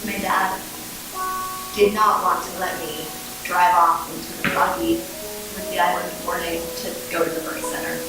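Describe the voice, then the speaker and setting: A woman's voice: fairly low pitch, steady tone, moderate pace. A woman telling a true story on a small theater stage, candid and wry, laughing at herself. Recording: echoey room recording from far off, with music.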